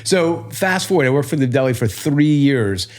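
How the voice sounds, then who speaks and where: A man from Pennsylvania, a chiropractor being interviewed, talking quickly in a chatty, storytelling way. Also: medium pitch, animated, darkish tone. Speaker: chiropractor guest. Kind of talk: casual podcast interview.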